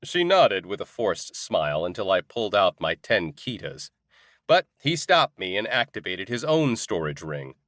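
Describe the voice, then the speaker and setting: A man narrating a first-person audiobook in an expressive, conversational way. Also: deep voice, normal speed, no room sound, clean studio sound.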